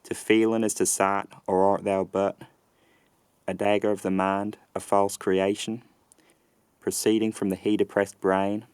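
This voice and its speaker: A man's voice: on the low side, little pitch movement, darkish tone, clear, resonant tone, no room sound, close to an everyday voice. A man putting on a rural Southern US drawl for Shakespeare. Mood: brooding. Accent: rural Southern US, put on. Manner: slow, measured, theatrical delivery. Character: man dramatically reciting a Shakespeare soliloquy. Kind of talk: dramatic verse reading.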